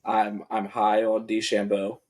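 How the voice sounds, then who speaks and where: A man with a husky, slightly raspy voice chatting on a sports podcast. He sits a bit low in pitch and keeps an easygoing, unhurried manner as he talks over his picks. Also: completely flat delivery, darkish tone. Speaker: podcast co-host. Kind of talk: casual sports chat.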